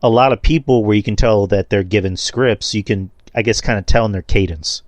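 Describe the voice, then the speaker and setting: A man's voice: fairly low pitch, a little fast, no room sound. A man talking in casual podcast chat, blunt and opinionated, with casual swearing.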